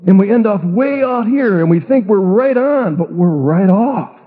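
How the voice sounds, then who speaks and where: A middle-aged male pastor tells a self-mocking story from his own life in a fairly high, husky voice. The sound is thin and boxy, like a radio broadcast heard down a phone line. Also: animated, moderate pace. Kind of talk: storytelling testimony talk.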